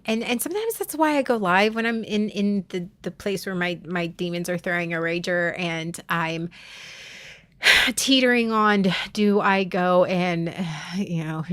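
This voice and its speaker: A woman's voice: lowish voice, fairly bright tone. A woman live streaming, talking candidly and heartfelt with her viewers, often restarting her sentences. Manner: confiding, swears casually.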